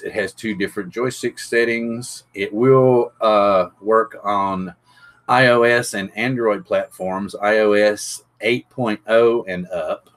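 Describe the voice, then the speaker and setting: A man's voice: fairly low pitch, poor audio. A middle-aged man, hosting a live stream and thinking aloud as he unboxes, chatting with and greeting viewers. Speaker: drone channel host.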